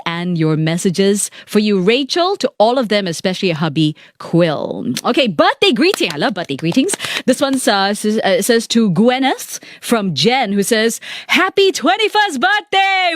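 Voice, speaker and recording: A woman hosting a live radio show, chatting brightly and reading out listener messages from the studio. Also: medium pitch, no echo.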